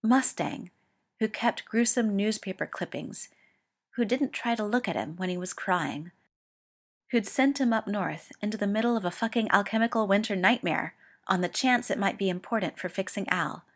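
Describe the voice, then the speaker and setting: A woman reading a story aloud, slowly and with feeling. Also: medium pitch. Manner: slow and expressive. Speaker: reader.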